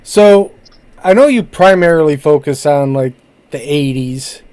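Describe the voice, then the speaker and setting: A man's voice: on the high side, expressive, measured pace, a little mellow, no room sound. Dry-sounding male podcast co-host. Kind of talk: casual interview chat.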